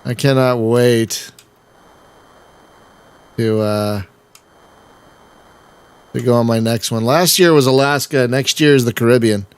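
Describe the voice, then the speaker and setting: Rambling as he plays, this let's-play host from a gaming channel laughs a lot and occasionally bursts out in frustration. He speaks slowly with frequent pauses, his medium-pitched voice fairly even, clear, and resonant.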